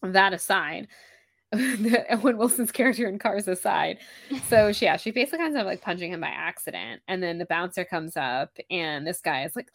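A woman's voice: lowish voice, normal speed, no echo. A woman co-hosting a casual book podcast, recapping chapters and acting out the characters' lines, laughing often. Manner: animated, acts out characters' lines while recapping. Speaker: podcast co-host. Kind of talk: casual book club chat.

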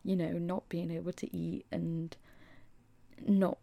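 Speaking slowly in a lowish, warm voice with vocal fry and a level tone, a young Englishwoman tells a story on her casual solo podcast. She sounds shaky and unwell after being in hospital and lowers to whispers for quoted asides. The recording is dry.

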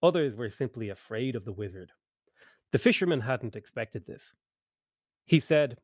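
Man, game master, steady read-aloud narration, middle pitch, dry close sound, voice call. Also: moderate pace, no echo. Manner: steady read-aloud storytelling, occasionally clearing his throat. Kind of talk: tabletop storytelling narration. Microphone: online voice call.

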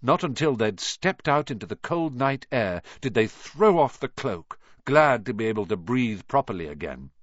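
Lively male storybook reader. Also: mid-range voice, moderate pace, hardly any pauses, no room sound. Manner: expressive, lively delivery. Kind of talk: storybook reading. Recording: dull dry recording.

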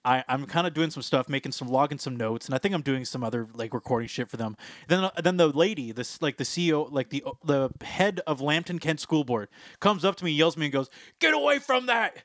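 A man in his twenties co-hosting a podcast, telling stories in animated casual chat with swearing and bursts of laughter. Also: mid-range voice, quick pace, no room sound. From Canada. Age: 20s. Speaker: podcast co-host.

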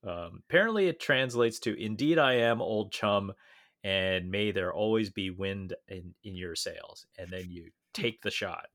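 A man co-hosting a podcast in casual chat, talky and quick to laugh, with plenty of fillers and restarts. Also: lowish voice, a bit bright. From Canada. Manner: chatty, laughs often, many fillers and restarts. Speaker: podcast co-host.

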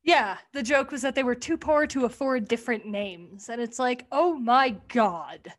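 A young woman co-hosting a casual podcast, recapping a comedy sketch in an animated way, swearing and acting out lines. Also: fairly high pitch, a little slow. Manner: animated, swearing, acts out quotes. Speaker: podcast co-host.

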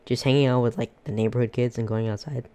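A young woman co-hosting a podcast in casual chat, lively and joking, swearing freely. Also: a bass voice, fast talker, smooth. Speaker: podcast co-host.

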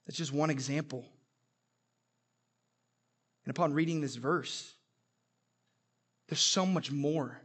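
A man's voice: a little high, takes it slowly, pauses often, a bit bright, slightly rough. A young adult man preaching a sermon, telling stories with humor and emphatic repetition. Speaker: pastor.

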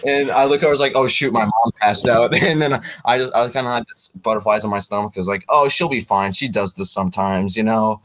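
A man in a casual chat among friends, retelling a story in a relaxed, laid-back way. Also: fairly low pitch, quick pace, hardly any pauses. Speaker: podcast co-host.

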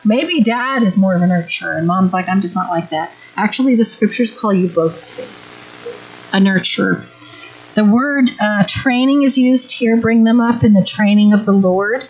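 A woman's voice: mid-range voice, normal speed, darkish tone. A middle-aged woman giving an earnest, direct church teaching talk at a parenting workshop. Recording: dull lo-fi recording.

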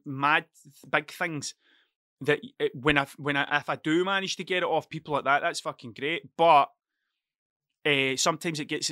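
A man's voice: a little high, no echo, clean studio sound. A man with a Scottish accent hosting a casual podcast monologue at his computer desk at home, rambling and swearing freely as he tells stories. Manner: sweary, rambling, animated storytelling. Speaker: podcast host.

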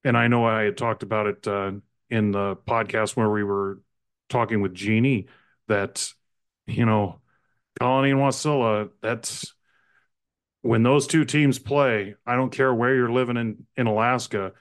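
A man co-hosting a sports podcast, chatting excitedly about high school games and often correcting himself mid-sentence. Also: unhurried, clean tone. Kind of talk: casual sports talk.

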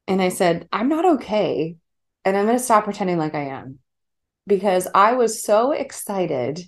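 A woman in her thirties chatting casually with her partner. She tells an animated story and laughs often. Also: on the low side. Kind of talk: casual conversation.

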